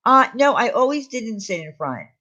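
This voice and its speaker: A woman's voice: a little high, big pitch swings, moderate pace, pushed and bright. A woman chatting casually on a live stream, answering viewers' comments aloud. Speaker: streamer reading chat. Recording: dull lo-fi stream audio.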